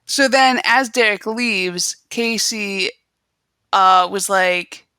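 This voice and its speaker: A woman co-hosting a podcast, recapping a TV episode in casual chat with animated retelling and frequent laughter. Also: medium pitch, slow, smooth, dry recording. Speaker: podcast co-host.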